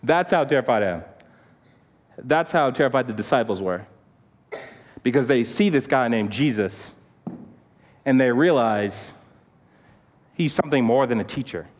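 Guy preaching, tells a story, lots of "okay?", big echoey hall. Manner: animated storytelling, many restarts, repeats "okay?"; turns soft and low in prayer. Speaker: youth pastor. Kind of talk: sermon with personal story. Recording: long hall reverb.

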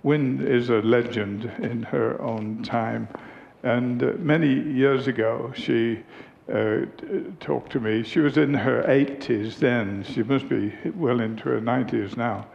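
A man, a pastor, preaching a sermon, telling a story in an unhurried way with frequent hesitations. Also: medium pitch, steady tone, gravelly. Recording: dull lo-fi recording with faint background noise.

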